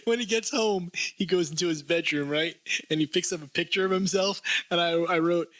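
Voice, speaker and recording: A man's voice: on the high side, brisk, a bit bright. A man co-hosting a podcast, chatting casually about movies and laughing often. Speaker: podcast co-host. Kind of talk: casual film discussion.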